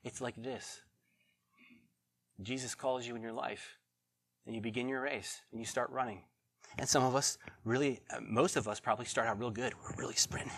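Middle-aged man, pastor, sermon, animated, loud then hushed. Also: medium pitch, brisk, long pauses.

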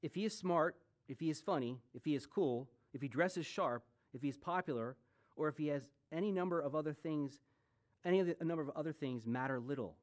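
A man in his late forties preaches to his congregation in a relaxed, chatty way. His voice sits a little high for a man. He mixes Bible teaching with joking asides and questions to the room. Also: fairly quick. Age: 40s. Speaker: pastor. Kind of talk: sermon.

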